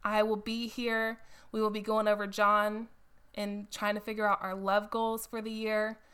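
A woman's voice: mid-range voice, little pitch movement, normal speed, a bit bright, clear, resonant tone. A woman hosting a Bible study, reading scripture aloud and talking about it in a casual, chatty way. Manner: casual and chatty, with laughs and exclamations. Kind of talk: Bible reading and devotional talk.

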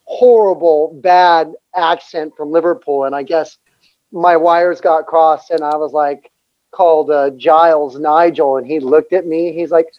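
A man with a high voice tells a rambling, self-deprecating anecdote in a casual interview. The audio is dull and lo-fi. It is also dry, with no room echo. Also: steady tone, unhurried. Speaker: actor.

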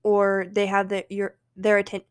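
A woman's voice: medium pitch, monotone, normal speed, smooth. A young woman talking casually and emphatically on her solo podcast, encouraging herself and her listeners. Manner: chatty, emphatic, self-encouraging. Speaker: podcast host.

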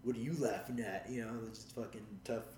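A man's voice: medium pitch, fairly even intonation, fairly quick, darkish tone, slight background noise. A man casually telling a rambling, profane story, laughing as he goes. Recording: roomy sound with faint background ambience.

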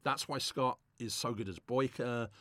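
A man co-hosting a film commentary in casual chat, animated and laughing, acting out mock quotes as he jokes. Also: mid-range voice, moderate pace, no echo.

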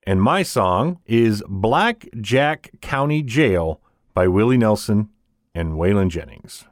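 A male co-host introduces songs in a chatty way, his low voice rising and falling a lot. The sound is close and dry, with no room echo. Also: lively intonation, slow. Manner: chatty, gives listeners hints. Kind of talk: radio-style music show hosting.

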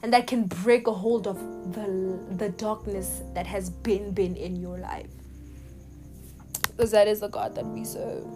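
A woman hosting a podcast, giving an earnest, encouraging devotional message in unhurried phrases with pauses. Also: mid-range voice, fairly even intonation, over music.

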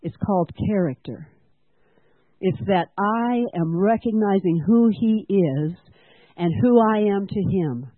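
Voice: medium pitch, unhurried, dry recording. A church-school teacher preaching a sermon in an earnest way, asking the congregation questions and having them repeat lines. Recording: dry, tinny phone-like sound.

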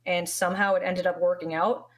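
A young woman speaks with a slightly low voice, open and heartfelt, telling a long personal story as a streamer in an interview. Her talk wanders, with frequent restarts and fillers along the way. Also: flat delivery, brisk. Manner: candid, heartfelt, rambling with many restarts.

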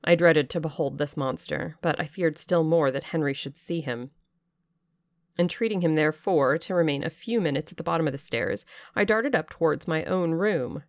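Woman audiobook narrator, low register, close dry mic, expressive dramatic reading. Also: moderate pace, no room sound. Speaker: audiobook reader. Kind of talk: classic novel narration.

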